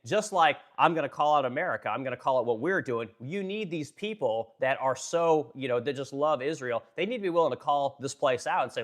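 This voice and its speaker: A man's voice: mid-range voice, lively intonation, a little fast, few pauses. A man hosting a casual political live stream. He talks bluntly with lots of swearing and fillers. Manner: blunt, profane, filler-heavy. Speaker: live-stream host, furniture business owner.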